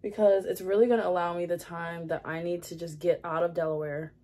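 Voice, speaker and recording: Rambling woman, low-ish voice. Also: flat delivery, a little fast, dark tone. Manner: rambling, many fillers, candid. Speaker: vlogger. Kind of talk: casual confessional chat. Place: home, at her makeup area.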